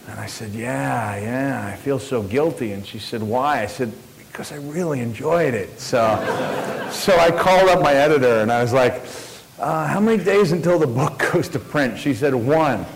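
A man telling a rambling, self-mocking story to a live audience, with animated asides. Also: medium pitch, normal speed. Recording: hall reverb with faint hiss.

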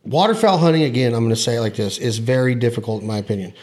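A man's voice: medium pitch, racing, a little mellow. A man hosting a casual hunting podcast, talking emphatically and swearing freely while ribbing his guests. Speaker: podcast host.

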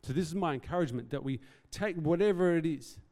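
Earnest male pastor, mellow tone. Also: a little high, fast talker. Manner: earnest, conversational, self-deprecating asides. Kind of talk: sermon. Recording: reverberant hall.

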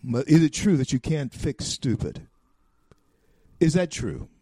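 A man from the United States hosting a talk show, delivering a folksy, preachy opinion monologue with drawn-out emphatic phrases. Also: fairly high pitch, expressive, mellow, breathy edge, no echo, studio quality.

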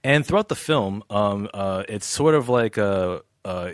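A man reviewing a film in casual chat, halting and repeating words, with frequent laughs. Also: on the low side, animated, dry recording, clean studio sound.

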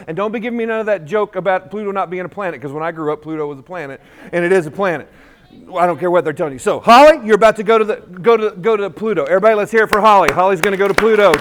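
A man giving a storytelling speech at a school assembly, acting out dialogue and leading the crowd in call-and-response. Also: sits high. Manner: animated, acts out dialogue, leads the crowd in chants. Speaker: motivational school speaker.

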